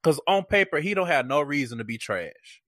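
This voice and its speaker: A man co-hosting a casual chat, recapping a reality show in a profane, animated way and acting out what people said. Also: a little high, fairly quick, no room sound, studio quality. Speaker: podcast co-host.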